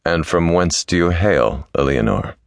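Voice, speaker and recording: A man doing a deep commanding Viking warlord. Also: lively intonation, creaky, dry recording, exaggerated voice. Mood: tender. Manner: low, measured and commanding.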